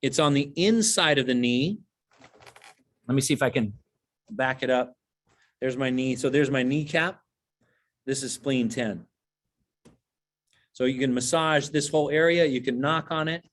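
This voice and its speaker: A man speaks in a middle-range voice, calm and explanatory, pausing with small fillers as he works through an answer. He sounds like a teacher on a video call. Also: mid-range voice. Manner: relaxed, explanatory, thinks aloud with fillers. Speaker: qigong teacher. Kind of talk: casual advice on a video call.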